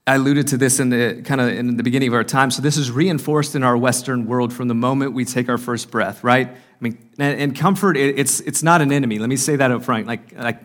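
A man's voice: mid-range voice, steady tone, brisk, hardly any pauses, fairly bright tone. Earnest man giving a church talk. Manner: earnest, with frequent fillers and restarts. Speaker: conference speaker and podcast host. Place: conference hall.

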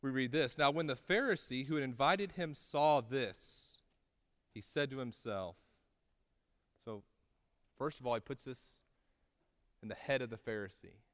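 A man preaching a sermon, telling the story with rising intensity at dramatic moments and slowing to stress key words, often asking his listeners "right?". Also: medium pitch, fairly bright tone, big-room sound. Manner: conversational with tag questions and restarts. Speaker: pastor.

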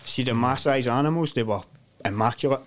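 With a mid-range voice and a brisk delivery, a Scottish man swaps animated travel stories as a podcast guest, swearing freely and peppering his casual talk with "mate" and "man."

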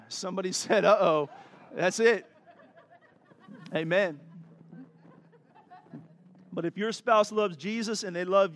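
A man's voice: high-pitched, a bit bright, dry recording. A man preaching a sermon as a pastor, earnest and exhorting, breaking into laughs and asides.

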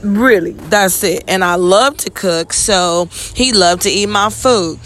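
A woman's voice: medium pitch, slow pace, fairly bright tone, faint music behind. A woman hosting her own podcast, talking in a blunt, profane, rambling monologue and yawning often. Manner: frequent yawning. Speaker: podcast host. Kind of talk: casual monologue.

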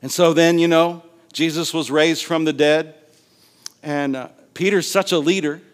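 Animated high-voiced preacher man. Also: a little slow. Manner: animated, acts out Bible scenes with voices and laughter. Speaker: pastor. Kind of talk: sermon.

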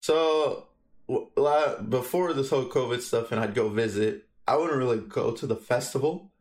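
A young man from Guatemala, appearing as a podcast guest, tells an animated story casually, swearing heavily and acting out quotes. He speaks at a moderate pace with a medium-pitched voice.

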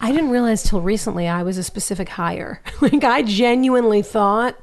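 A woman from New York in her thirties with a New York accent, an actress and comedian chatting as a podcast guest, animated and full of stories. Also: mid-range voice. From New York, Long Island. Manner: animated storyteller, quick restarts and voices. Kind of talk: casual podcast chat.

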